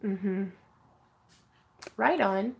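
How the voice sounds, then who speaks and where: A woman's voice: medium pitch, very slow, creaky, darkish tone. A young woman hosting a casual craft livestream, reading viewer comments and chatting with giggles and fillers. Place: home craft room.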